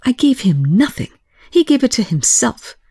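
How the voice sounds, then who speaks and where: A reader doing a rasping, calculating officer. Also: male voice, fairly high pitch, lively intonation, normal speed, a little mellow, dry recording, studio quality, exaggerated voice. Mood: defensive. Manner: rasping, defensive. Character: calculating male military officer, defensive and abrasive.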